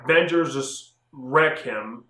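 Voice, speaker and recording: A man's voice: medium pitch, slow, a bit bright, slight background noise. A young man casually reviewing comic books on his channel, talking loosely with lots of fillers and restarts. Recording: echoey room.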